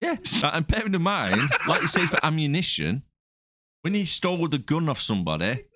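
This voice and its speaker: Sweary man, lively voice, dry mic. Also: fairly high pitch, fairly quick, no room sound. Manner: sweary, animated, laughs often. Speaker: podcast co-host. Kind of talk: casual banter reviewing a film.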